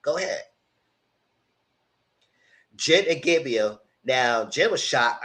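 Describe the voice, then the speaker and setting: A man giving a casual live recap of a reality dating show, animated and slangy, with mocking asides to the contestants. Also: medium pitch, takes it slowly, pauses often. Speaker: reality TV reviewer.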